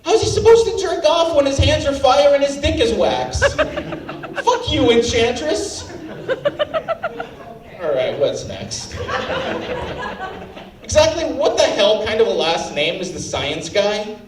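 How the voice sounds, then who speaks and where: A man's voice: extremely high pitch, huge pitch swings, moderate pace, crowd noise. A man doing standup, ranting with outrage and plenty of profanity. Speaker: standup comic. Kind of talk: standup set. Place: comedy club stage. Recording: roomy live venue, mic at a distance, faint ambience.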